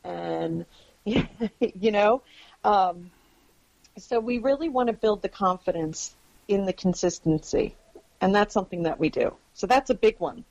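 A woman of ordinary pitch explains things in a podcast interview, earnest and emphatic. She often stops to check that the listener is following. The audio is muffled and lo-fi. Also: a little slow, gravelly, pauses often, a little mellow. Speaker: guest expert on dogs and families. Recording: dull lo-fi audio.

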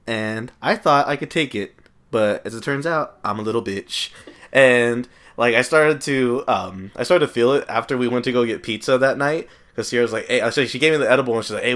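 Young male podcast co-host, relaxed storyteller, easy laughter. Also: mid-range voice. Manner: laid-back, laughs often through his stories. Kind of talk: casual storytelling chat.

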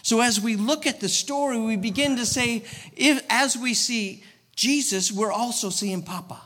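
A man's voice: very high-pitched, normal speed, pushed and bright. A man, a guest pastor, preaching a sermon in a casual storytelling way, often restarting his sentences. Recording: long reverb of a church hall.

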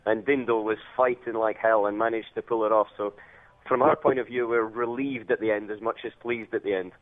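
A Scottish racing driver calling into a radio show, talking in a relaxed way with plenty of fillers. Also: male voice, lowish voice, brisk. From Scotland. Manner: relaxed storytelling with many fillers. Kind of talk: phone interview. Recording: tinny phone line.

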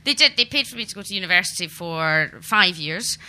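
A woman's voice: lowish voice, lively intonation, fairly quick, pushed and bright, clear, resonant tone. A Scottish woman, a comedian, chatting as a guest with dry, self-mocking asides. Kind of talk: casual chat.

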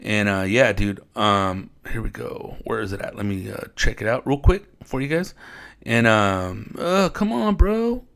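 A man's voice: lowish voice, expressive, measured pace, vocal fry, fairly bright tone. A man from Riverside, California, telling stories in a laid-back podcast chat, swearing often and saying "dude" constantly. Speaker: podcast host. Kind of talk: casual storytelling.

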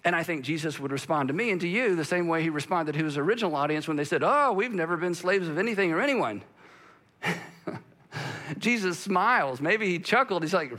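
A man preaching a sermon as a pastor, animated and acting out the voices of the people he quotes. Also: fairly high pitch, brisk.

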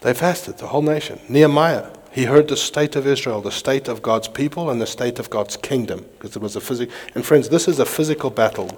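A man preaching a sermon, reading scripture aloud with animated delivery while pacing. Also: mid-range voice, fairly quick, few pauses. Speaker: pastor. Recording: long hall reverb.

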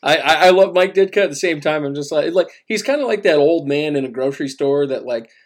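A man in a relaxed sports chat, his voice sitting a little on the high side. He rambles along loosely, with plenty of filler words and restarts. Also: quick pace, a little hiss or hum. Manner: laid-back, rambling with many fillers and restarts. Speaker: podcast co-host.

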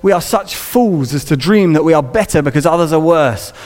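A man putting on the voice of a stern older Victorian male preacher, slow and solemn. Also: on the high side, expressive, darkish tone, lightly acted. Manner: slow, solemn, old-fashioned preaching delivery. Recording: long reverb of a large hall.

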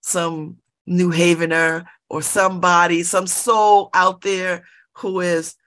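A middle-aged woman chatting casually at home by an open window, laughing often and breaking into animated asides. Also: fairly low pitch, slow pace. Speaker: vlogger. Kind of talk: casual monologue.

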